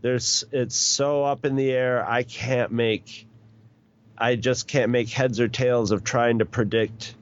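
A man's voice: medium pitch, steady tone, slow pace. A middle-aged man in casual chat, rambling along with many restarts and chuckles. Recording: dull lo-fi recording.

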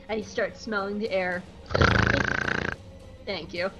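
A woman hosting a podcast, recapping an episode in an animated, profane, jokey way on a close mic. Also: medium pitch, takes it slowly, loud music behind the voice, poor audio. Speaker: podcast host.

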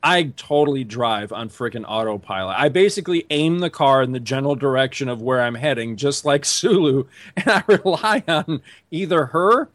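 A middle-aged man hosting a podcast, telling a story in a casual, animated way, jumping up in pitch to act out what people said. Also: normal speed, few pauses, no echo. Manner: animated, acts out quotes with big pitch jumps and laughs. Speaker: podcast host.

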